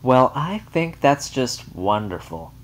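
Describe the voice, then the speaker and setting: A man's voice: mid-range voice, very animated, takes it slowly, voice pushed up. A man voicing a gushing, girlish young woman visitor.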